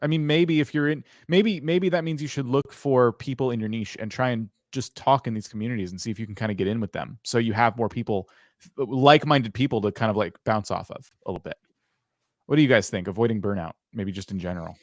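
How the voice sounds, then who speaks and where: A man's voice: medium pitch, fast, no room sound, clean studio sound. A man co-hosting a livestream, reading out viewer questions and thinking aloud in an easygoing way. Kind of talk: casual livestream Q&A chat.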